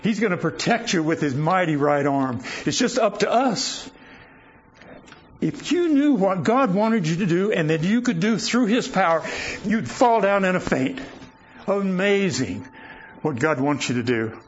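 A man's voice: sits high, expressive, a little slow, husky. An older man giving a guest sermon, telling personal stories in a folksy, chuckling way. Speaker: guest preacher. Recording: dull lo-fi recording with faint noise.

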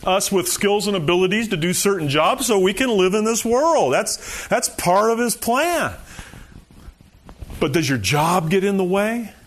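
A man's voice: high voice, lively intonation, a little slow, a bit bright. A man preaching a sermon in a conversational, folksy way, often saying "you know" and chuckling. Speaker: pastor.

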